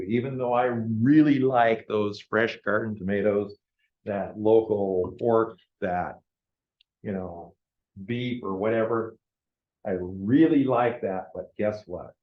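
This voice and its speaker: Low-voiced man leading a workshop. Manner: conversational, keeps checking in with the group. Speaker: business planning workshop presenter. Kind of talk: informal classroom lecture. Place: meeting room with a live audience. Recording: echoey lo-fi room recording.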